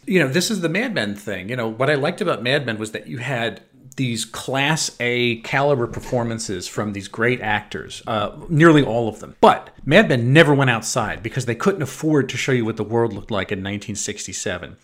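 A man's voice: mid-range voice, expressive, normal speed, fairly bright tone. An American man co-hosting a podcast as a critic, giving blunt, opinionated takes and swearing freely in casual chat.

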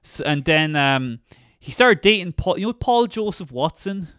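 Irish man with a smooth, bright voice. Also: on the high side, animated, moderate pace, dry recording, studio quality. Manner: gossipy, rambling, frequent restarts. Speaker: podcast co-host. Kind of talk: crude comedic chat.

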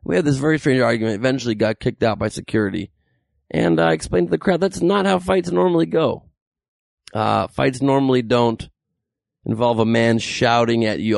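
Male comedian recounting a story; gravelly, lively, dry studio sound. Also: medium pitch, moderate pace, no room sound. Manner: animated, acts out quoted voices. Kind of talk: casual storytelling.

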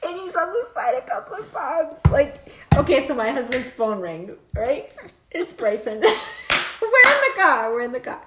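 A middle-aged woman telling a casual anecdote, animated and laughing often, swearing freely. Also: high-pitched, moderate pace, roomy sound, background noise. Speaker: storyteller.

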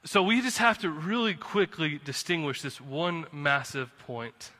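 A man preaching a sermon as pastor from the pulpit, impassioned, swinging from quiet to fired-up. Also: a little high, a little slow. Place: church sanctuary. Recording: long reverb of a hall.

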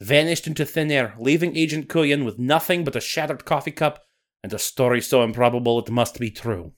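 Brisk and natural-sounding, a medium-pitched male voice performs a sly Nessie character with a mock Scottish accent. It's a comedy podcast sketch told as dramatic, rolled-up storytelling.

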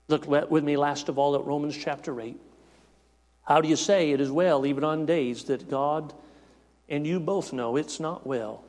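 A man preaching a sermon in rhythmic, repeating phrases, rising to shouts and dropping to hushed tones. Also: fairly even intonation, normal speed. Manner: rhythmic repetition, swinging between shouted peaks and hushed lows. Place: church sanctuary. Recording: long reverb of a church hall.

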